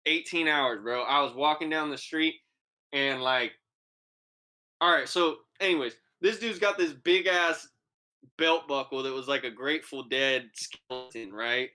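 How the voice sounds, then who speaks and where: A young man with a bright, clear voice co-hosts a podcast and tells a sprawling story in loose, casual chat. He swears freely and acts out the people in the story as he goes. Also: mid-range voice, a little slow. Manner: animated, profane, acts out quoted voices. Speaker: podcast co-host.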